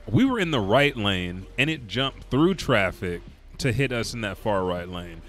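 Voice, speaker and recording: A man's voice: on the low side, expressive, fast talker, fairly bright tone, faint music behind. Tired, profane, rambling young man. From Oklahoma, US. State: tired from staying up all night. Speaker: gaming streamer. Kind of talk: casual storytelling while playing.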